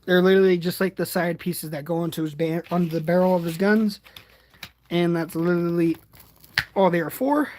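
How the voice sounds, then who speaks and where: An eighteen-year-old man chatting casually from his bed during a livestream unboxing, rambling and excitable, and often poking fun at himself. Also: high voice, fairly quick. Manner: excitable, rambling, self-deprecating. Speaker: toy reviewer streaming.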